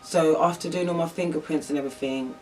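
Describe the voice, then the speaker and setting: A woman's voice: deep voice, fast talker, darkish tone, far from the mic, soft background music. A young woman telling a personal story in a vlog, rambling and emotional with lots of fillers. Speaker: vlogger.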